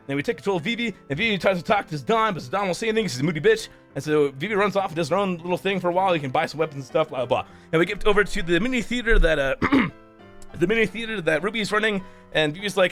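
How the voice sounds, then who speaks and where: A man's voice: high voice, animated, fast talker, fairly bright tone, soft background music. A man streaming a rambling, profane recap of a game's story, full of restarts. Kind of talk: casual game story recap.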